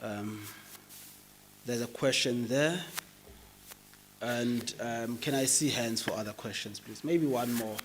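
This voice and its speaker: A man with a South African English accent chairing an academic session with a hoarse voice, joking easily with the audience. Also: mid-range voice, slow pace, long pauses, slight background noise. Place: university lecture hall.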